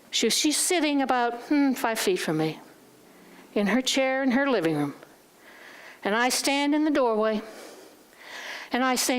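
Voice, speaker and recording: Animated middle-aged woman telling a story. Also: a little high, normal speed, long pauses. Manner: candid, animated, acts out dialogue. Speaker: guest speaker at a church. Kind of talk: personal storytelling talk.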